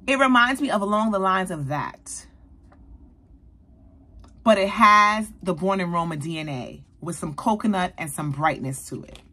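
Chatty, bright-voiced woman vlogger. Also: lowish voice, normal speed. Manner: animated, chatty, addresses viewers as y'all. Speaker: beauty vlogger. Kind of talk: casual product review.

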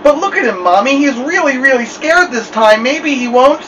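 A man's voice: extremely high pitch, expressive, moderate pace, fairly bright tone, recorded from a distance, slight background noise, pitched above the performer's own voice, poor audio. A man voicing a tearful little girl pleading with her mother in a storybook reading. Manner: sniffly pleading.

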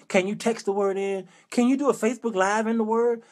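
A middle-aged man hosting his own talk show, venting in an animated, exasperated comic rant full of rhetorical questions and casual vernacular. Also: high-pitched, fairly quick. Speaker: show host.

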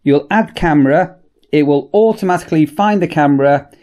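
A man giving a casual, chatty product demonstration in a workshop, often repeating "as I say" and pausing on ums. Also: a little high, darkish tone. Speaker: product reviewer.

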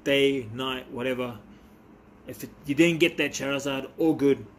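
A man talking casually as a vlogger while opening trading cards, excitable and chatty with quick bursts of delight. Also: mid-range voice, slight background noise. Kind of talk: casual chat.

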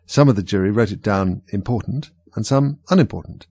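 A man reading a storybook aloud, expressive. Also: on the low side, a little fast, slightly rough. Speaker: narrator.

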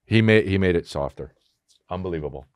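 A man hosting a comedy podcast, reacting to a clip with loud, profane, laughing commentary. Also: deep voice, lively intonation, fairly quick, dry recording, studio quality. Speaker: podcast host.

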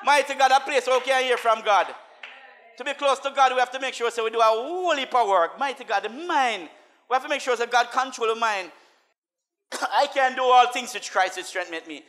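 A man preaching with a very high, piercing voice. He drops to soft asides, then rises into chanted, call-and-response shouts. His sharp, bright tone cuts through every line. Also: a little fast. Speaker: minister. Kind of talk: sermon.

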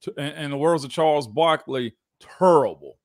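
A man with a Southern American accent co-hosting a casual sports talk show, joking and laid-back with drawn-out phrasing. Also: on the high side, no echo, clean studio sound. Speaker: co-host, former football guard. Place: remote studio.

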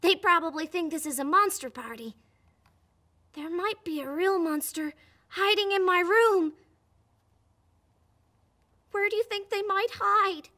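A woman voicing a chatty, excitable little boy puppet who hosts a children's show and talks straight to the viewer. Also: very high-pitched, measured pace, long pauses, heavily acted. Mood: nervous. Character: playful little boy puppet, pre-school vlogger.

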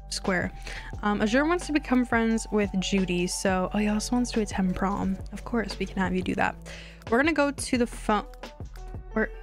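A woman streamer chatting casually while she plays a life-simulation game, rambling and quick to get excited. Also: mid-range voice. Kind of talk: casual gameplay commentary.

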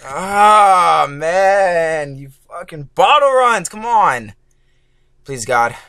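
A man doing let's play commentary as a gaming YouTuber, excitable and swearing, yelling at the game and groaning when he fails. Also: high-pitched, drawn-out words, clear, resonant tone, no echo, studio quality. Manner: groaning frustration at failures.

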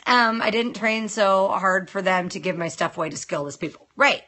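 Woman, nail tech livestream host, casual chat, blunt, exasperated, forceful bright tone. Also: medium pitch, normal speed. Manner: blunt and exasperated, addresses viewers and comments directly. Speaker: nail technician hosting a live broadcast. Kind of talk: casual live-stream chat.

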